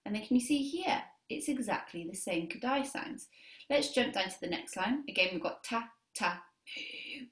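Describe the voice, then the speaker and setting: A woman's voice: a little high, animated, normal speed, reverberant. Encouraging woman teaching clarinet. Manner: encouraging, counts students in, lots of praise. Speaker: music teacher. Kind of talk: beginner clarinet lesson video.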